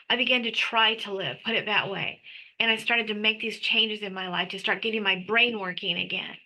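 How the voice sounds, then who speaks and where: Woman, middle-aged, interview guest, emotional testimony, high voice, very tense and bright tone, stammering restarts. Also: rough recording. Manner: intense, frequent restarts and stammers.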